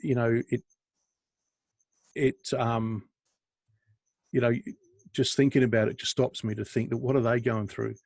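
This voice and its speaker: A middle-aged man in casual podcast chat, meandering through his stories with frequent laughs and restarts. His voice sits at an ordinary pitch and is recorded close and dry, with no room sound around it. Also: flat delivery, a little slow, vocal fry, long pauses, a little mellow, no echo. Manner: rambling, chatty, laughs often, restarts. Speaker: podcast co-host.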